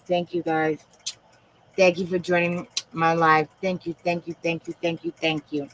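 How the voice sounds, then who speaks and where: Low-voiced woman, soft and halting. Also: a little hiss or hum, low-quality recording. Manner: soft-spoken and halting, with frequent pauses; emotional and confiding. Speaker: live streamer. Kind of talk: casual live-stream chat.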